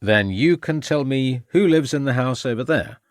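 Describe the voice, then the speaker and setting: A man's voice: mid-range voice, animated, normal speed, no echo, studio quality, voice pushed up, close to an everyday voice. A man voicing a formal, insistent police inspector in a crime audiobook. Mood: probing. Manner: formal, precise, insistent questioning. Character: sharp, probing male police inspector.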